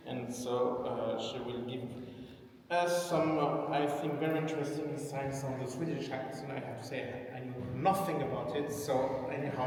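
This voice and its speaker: A man's voice: medium pitch, darkish tone, distant mic. Hesitant man chairing a session in an echoey hall. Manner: hesitant, many uhs and restarts. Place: conference hall.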